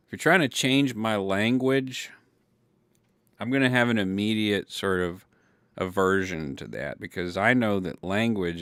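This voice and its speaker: This livestream host reads the chat aloud and answers viewers in a casual, rambling way, full of fillers and free swearing. He's a man from Ventura County with a Californian accent. His pitch is fairly low, the tone clean and a bit bright, with no room sound.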